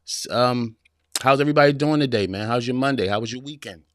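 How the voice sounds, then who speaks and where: Talking fast in a mid-range, fairly bright voice, a forties-aged man runs a live-streamed motivational podcast. He lectures his audience directly and informally, repeating himself and calling them "y'all" and "man," on a dry, studio-quality recording.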